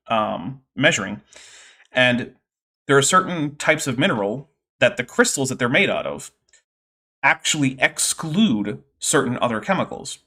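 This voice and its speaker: A man's voice: mid-range voice, bright, forceful tone. A man hosting a livestream, explaining science in a casual, nerdy way with many fillers. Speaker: host.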